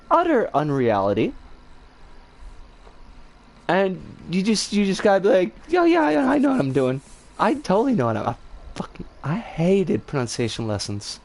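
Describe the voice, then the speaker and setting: Wildly animated swearing woman streamer. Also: lowish voice. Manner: animated and exclamatory, swears freely; self-deprecating, rambling. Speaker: livestreamer. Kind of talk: casual livestream chat, reacting to chat.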